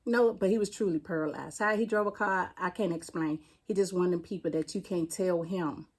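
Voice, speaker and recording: Mellow-voiced D.C. woman recounting her loss. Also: fairly low pitch, breathy edge. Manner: plainspoken, halting, retelling a painful loss. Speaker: interview guest, firefighter. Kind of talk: personal storytelling in an interview.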